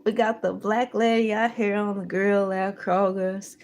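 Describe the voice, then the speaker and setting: Slow-talking woman live-streaming. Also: medium pitch. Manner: animated, laughing, breaks into sung exclamations. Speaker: livestream host. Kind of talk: casual live-stream chat.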